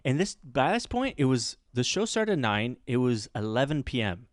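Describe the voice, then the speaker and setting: He's a podcast host, talking casually through a story and animatedly voicing the characters himself. His voice has a medium pitch and normal speed, captured in studio quality without echo.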